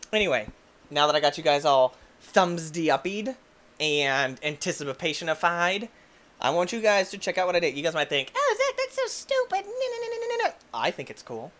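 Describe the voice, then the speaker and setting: Goofy, excitable young man gaming. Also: a little high. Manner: goofy and excitable, shouts and yelps, silly quoted voices. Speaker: gaming YouTuber. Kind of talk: energetic gameplay commentary.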